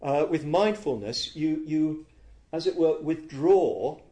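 A man giving a reflective dharma talk as a Buddhist teacher, halting and searching for words, often correcting himself. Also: a little high, animated, dark tone.

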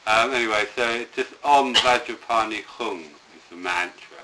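A man's voice: fairly low pitch, moderate pace, noisy background. A man teaching a meditation class to a group in a room, talking in a rambling, hesitant way with many restarts. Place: indoor room with a live group.

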